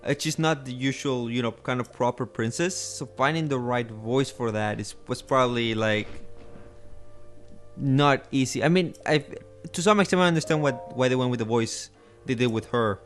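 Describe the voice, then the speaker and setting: A man's voice: medium pitch, normal speed, soft background music. A man co-hosting a casual podcast, thinking aloud in a hesitant, musing way. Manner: thoughtful, hesitant, many restarts and fillers. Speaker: podcast co-host. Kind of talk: casual chat.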